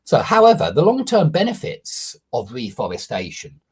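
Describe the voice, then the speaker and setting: A man's voice: mid-range voice, wildly swooping pitch, normal speed, husky. A man teaching English online, walking through corrections to a student's essay and explaining each change, often checking understanding with a questioning "yeah?".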